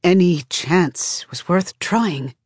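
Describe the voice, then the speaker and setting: A woman reading an audiobook voices a frail, dying man who speaks slowly and haltingly in a dry, close recording. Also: lowish voice, expressive, husky, no echo, full character voice. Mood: weary.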